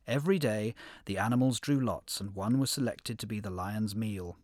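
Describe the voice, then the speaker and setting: A man narrating an animal fable in an expressive storybook reading. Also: fairly low pitch, moderate pace, no echo, clean studio sound.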